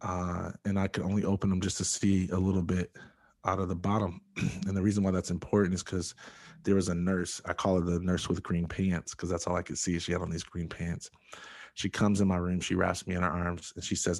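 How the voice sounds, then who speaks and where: A young man giving a personal testimony in an interview, earnest and halting, with many fillers and pauses. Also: low-pitched, flat delivery, a little mellow. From Michigan. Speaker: interview guest.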